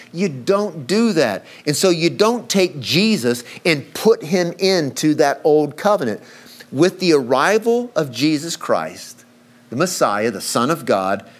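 A middle-aged man preaching a sermon, emphatic and explanatory, mixing scripture reading with a personal story. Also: fairly high pitch. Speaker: pastor.

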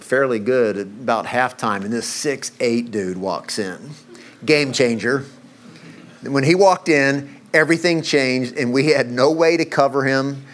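A man's voice: mid-range voice, a bit bright. A middle-aged man preaching a sermon, emphatic and explanatory, mixing scripture reading with a personal story. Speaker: pastor.

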